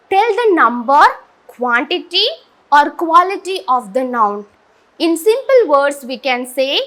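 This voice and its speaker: A female teacher from India giving a grammar lesson, asking and answering her own questions in a slow, deliberate way. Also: high voice, a bit bright.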